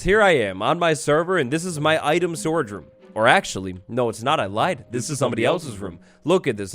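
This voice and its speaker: A man's voice: a little high, a bit bright. Upbeat young man narrating over music. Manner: upbeat, playful, acts out little scenes. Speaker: Minecraft tutorial host. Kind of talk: gameplay tutorial narration. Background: background music.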